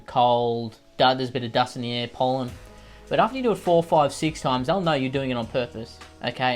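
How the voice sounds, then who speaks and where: A man with a slightly snivelling, nasal voice delivers a deadpan comedy monologue. He sounds smug and condescending, as if his advice were completely serious. Faint music plays underneath. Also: mid-range voice. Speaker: comedy sketch host.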